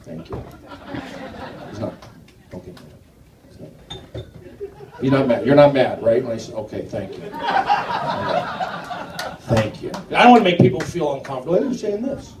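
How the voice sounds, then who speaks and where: A man's voice: fairly high pitch, expressive, normal speed, pauses often, a crowd in the background. Man doing stand-up, rambling and jumpy, live club, noisy room sound. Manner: rambling and jumpy, swinging from mumbled asides to shouted outbursts. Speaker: stand-up comedian. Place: comedy club stage. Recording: roomy, distant club recording with noise. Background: audience laughter.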